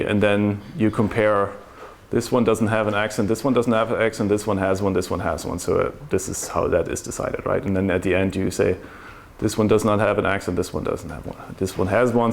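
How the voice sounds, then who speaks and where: A man's voice: lowish voice, gravelly, a little hiss or hum. A man giving a technical conference talk to a room, explaining step by step and asking rhetorical questions. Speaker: conference speaker.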